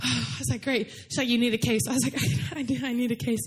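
Chatty young woman preaching, high voice. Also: flat delivery, fast, breathy edge. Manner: chatty, full of "like", laughs while telling stories. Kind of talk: casual storytelling sermon.

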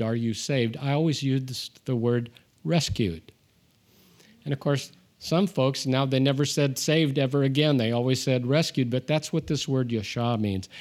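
A man preaching a sermon, conversational with asides, rising in pitch and volume when he reads scripture aloud. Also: a little mellow. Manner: conversational with asides and self-deprecating humor. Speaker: pastor.

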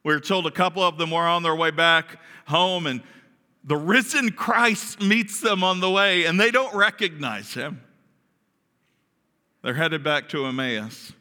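A man preaching a sermon, telling a story dramatically, his voice swinging from hushed to loud as he acts out voices. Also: on the high side, a little slow. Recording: long hall reverb.

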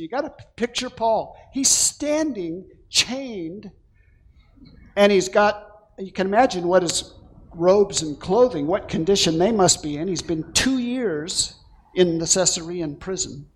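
A male pastor preaching an excited, animated sermon, with playful asides to the congregation. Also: high voice, unhurried, slightly rough.

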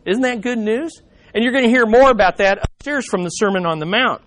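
A man's voice: high-pitched, fairly quick, a bit bright, rough recording. A man preaching a sermon, teaching through a Bible passage in an emphatic, conversational way.

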